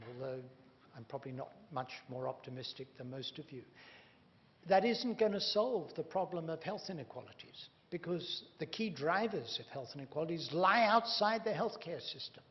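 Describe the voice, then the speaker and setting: A man giving a public lecture, emphatic and wry, leaning hard on key words. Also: fairly high pitch. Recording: dull reverberant hall recording with faint hum.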